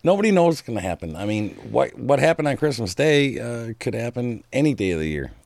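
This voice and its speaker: A man's voice: medium pitch, very animated, a little fast, creaky, darkish tone. A man co-hosting a casual talk show, rambling and joking with frequent laughs. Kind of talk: casual chat.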